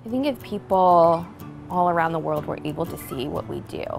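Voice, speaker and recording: A woman speaking earnestly and measured about the work of her program. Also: fairly low pitch, creaky, soft background music. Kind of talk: promotional interview.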